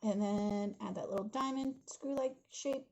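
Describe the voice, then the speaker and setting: A woman's voice: mid-range voice, measured pace, creaky, a little mellow, rough recording. A young woman talking viewers through a drawing tutorial from her home studio, chatty and giggly, calling them guys as she goes. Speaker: art instructor.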